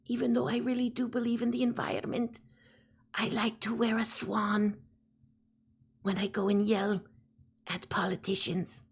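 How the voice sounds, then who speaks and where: A man doing a high breathy quirky woman. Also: flat delivery, normal speed, long pauses, heavily acted. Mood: whimsical. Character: whimsical high-voiced young woman, odd and dreamy.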